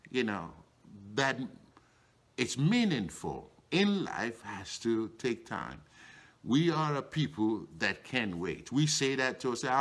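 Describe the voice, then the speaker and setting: A middle-aged man preaching a sermon in a conversational way, repeating phrases and filling pauses with "you know". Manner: rhetorical refrains, swinging pitch up and down. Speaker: bishop preaching.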